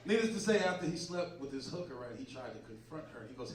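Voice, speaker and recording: A man's voice: fairly high pitch, expressive, quick pace. A man from doing a brash, profane stand-up set on a comedy club stage. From Boston. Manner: brash, profane, loud punchlines. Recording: echoey club, distant mic, crowd laughter. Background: audience laughter.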